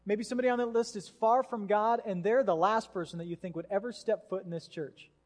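A pastor preaching a sermon, telling a story with lively acted-out voices. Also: male voice, high voice, a little fast. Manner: animated storyteller, acts out voices. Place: church hall. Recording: hall reverb.

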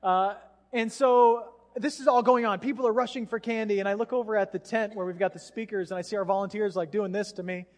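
A male pastor preaching a sermon, telling a story in an animated way and acting out what people said. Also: high voice, a little fast. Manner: animated storytelling with acted-out quotes. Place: church sanctuary. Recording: long hall reverb in a church.

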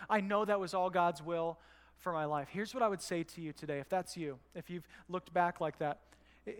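A male pastor preaching a sermon in a church, conversational and often checking in with the room. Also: sits high. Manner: conversational, asks the room "right?". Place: church sanctuary. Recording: church hall with long reverb.

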